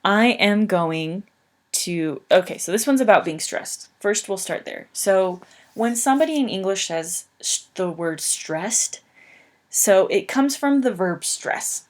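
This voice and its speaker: A young woman teaches a slow English lesson, reading aloud and patiently explaining words with plain fillers. Her mid-range voice is expressive and her pace measured.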